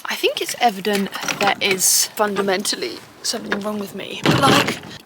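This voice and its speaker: A woman's voice: mid-range voice, normal speed, very noisy. A young woman, chatting casually to camera in a vlog, rambling and swearing with lots of "like" fillers. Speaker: vlogger.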